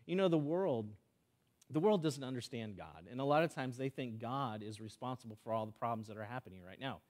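A man preaching a sermon to his church as pastor, animated, swinging between loud calls and hushed, low lines, often repeating words as he restarts a phrase. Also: brisk.

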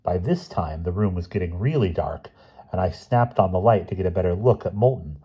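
Male storyteller, very low husky voice, calm measured delivery, dull lo-fi recording. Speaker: audiobook reader. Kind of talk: reading a short story aloud.

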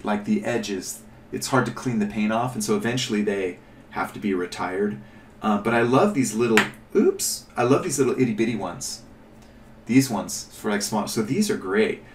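This man's voice sits on the low side, with a little hiss or hum in the recording. He leads a relaxed miniature painting tutorial, rambling, thinking out loud and catching his own slips, captured from a distance in an echoey room.

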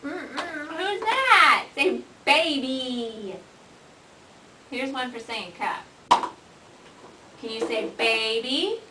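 Woman, speech therapist, sing-song coaxing voice, slow and clear for a child; echoey room, far camera, noisy home video. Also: high-pitched, animated. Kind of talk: coaching a child to say words.

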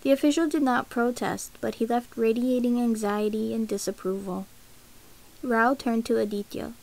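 A woman narrating a novel aloud in a steady, even storytelling voice. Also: fairly high pitch, moderate pace, gravelly, low-quality recording. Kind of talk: audiobook reading of a novel.

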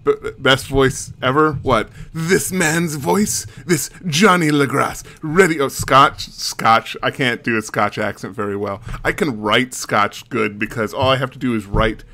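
A man's voice: mid-range voice, unhurried, hardly any pauses, sharp tone. A man hosting a let's play with casual, chatty, self-mocking game commentary.

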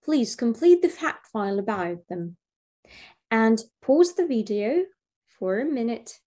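A woman teacher giving a slow, clear video English lesson. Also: a little high, big pitch swings, darkish tone. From Belarus. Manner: slow, clear classroom delivery.

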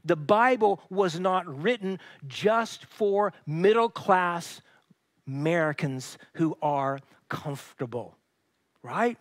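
Male pastor, sermon, high voice, conversational, restarts often, dry close sound. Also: lively intonation, slow pace, no echo. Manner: conversational storytelling with frequent restarts. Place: church.

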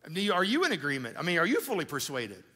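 A male pastor preaching a sermon in a conversational, animated way, with quick asides to the congregation. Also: a little high. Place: church auditorium. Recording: live church hall with long reverb.

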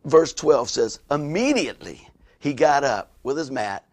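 A man's voice: mid-range voice, sing-song, unhurried, darkish tone. A male pastor, preaching a conversational sermon with frequent asides to his listeners.

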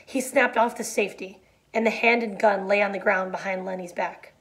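A woman reading a novel chapter aloud in a quiet, even voice, then explaining the ending in a chatty way with fillers. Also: medium pitch, a little fast. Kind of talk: read-aloud and plain explanation.

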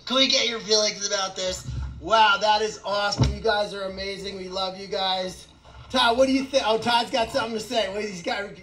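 Excitable high-voiced man. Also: fairly quick, faint music behind, poor audio. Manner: excitable, laughing, rambling. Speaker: animal sanctuary founder. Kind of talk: casual fundraising vlog chat.

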